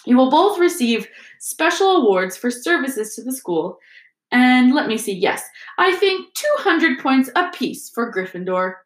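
A woman reading aloud plays a kindly old wizard headmaster with a soft, calm, gently amused way of speaking. He sounds patient and warm-hearted. The storybook recording rings with a roomy echo. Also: sits high, measured pace, pitched above the performer's own voice. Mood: wry. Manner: gentle, calm, softly twinkling.

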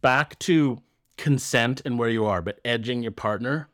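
A man's voice: mid-range voice, unhurried, fairly bright tone, no echo. Male podcast co-host, loose and jokey, swears, mid voice, dry close recording. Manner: joking, loose, swears freely. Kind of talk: casual chat.

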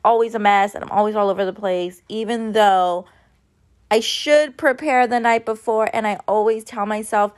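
A woman's voice: medium pitch, fairly even intonation, moderate pace. A woman in her mid-thirties chatting casually to her viewers at home, ranting and swearing freely. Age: 30s. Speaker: vlogger. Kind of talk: casual chat to camera. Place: at home, kitchen sounds.

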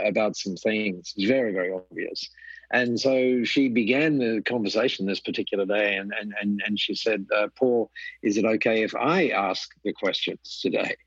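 Husky man telling a story. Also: mid-range voice, dry recording, dull audio. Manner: animated storyteller, acts out quoted voices, laughs often. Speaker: guest, mentor and author. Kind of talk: storytelling in a conversation.

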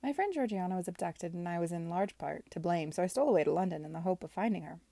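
A woman reading aloud as a young gentlewoman who talks quickly and is flustered, in a storybook reading. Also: sits high, expressive, dry recording.

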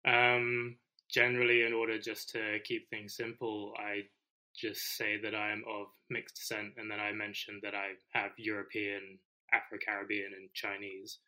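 A man, co-hosting a casual podcast discussion, explaining his views in a measured, careful way. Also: on the low side, completely flat delivery, pushed and bright, low-quality recording. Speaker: teacher podcast co-host.

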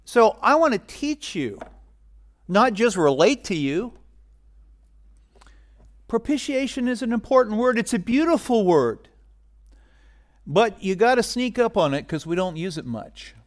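A middle-aged man preaching a sermon as pastor, animated and getting loud for emphasis. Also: high-pitched, a little slow, pauses often.

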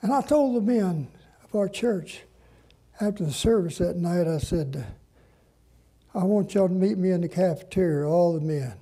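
Older man, pastor, folksy storytelling sermon, husky voice pitched high. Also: mellow. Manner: folksy, drawn-out preaching with dramatic pauses.

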